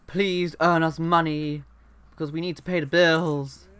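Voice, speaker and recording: Young adult, let's-play commentator; chatty, self-interrupting, addresses the game's characters, average pitch. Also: flat delivery, unhurried, fairly bright tone, clean tone. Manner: chatty, rambling, talks to game characters, often trails off. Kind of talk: casual gameplay commentary.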